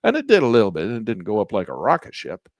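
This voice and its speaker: A man's voice: fairly low pitch, huge pitch swings, quick pace, dry recording, studio quality. Folksy man teaching stock chart trading. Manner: casual, folksy, talks while pointing at charts. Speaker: trading instructor. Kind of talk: live online trading class.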